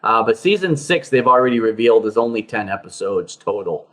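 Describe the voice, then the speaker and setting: A man's voice: lowish voice, expressive, fairly quick, a bit bright. A man co-hosting a casual podcast chat about TV shows, rambling with lots of fillers and restarts. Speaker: podcast co-host.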